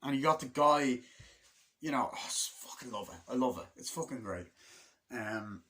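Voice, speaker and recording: A young man giving a rambling, casual movie review, swearing often and acting out scenes in quick impressions. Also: mid-range voice, animated, sharp tone.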